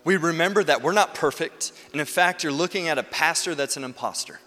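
Male pastor, earnest sermon delivery, forceful peaks, bright tone, reverberant sanctuary. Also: on the high side, fairly quick, few pauses, faint music behind. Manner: earnest, builds to forceful emphasis. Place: church sanctuary. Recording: long reverb from a large hall.

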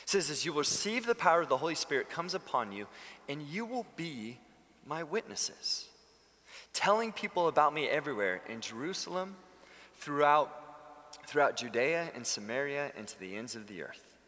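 A man preaching a sermon as a pastor in a church, animated and acting out the lines he quotes. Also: a little high, normal speed. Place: church sanctuary. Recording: long reverb of a church hall.

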